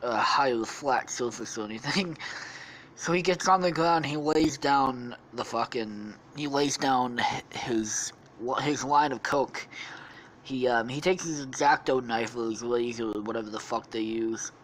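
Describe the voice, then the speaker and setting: Podcast host, rambling comic storyteller, constant swearing, laughs at own jokes, mid pitch. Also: a little slow, a little hiss or hum. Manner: heavy swearing, many fillers.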